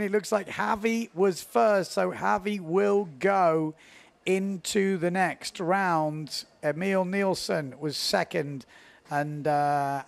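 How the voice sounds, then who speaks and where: A man's voice: a little high, vocal fry. A man commentating live windsurfing, chatty and self-mocking, laughing often as he talks.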